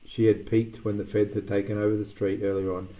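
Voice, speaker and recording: Male storyteller, low and mellow, casual reading with slips. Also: level tone, a little fast, lo-fi sound. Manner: reads with restarts and small slips. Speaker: narrator. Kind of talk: storybook narration.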